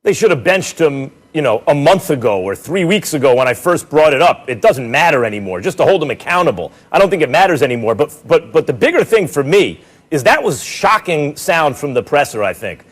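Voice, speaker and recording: An animated man in a studio sports debate, sarcastic and mimicking others as he argues. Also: on the high side, a little fast.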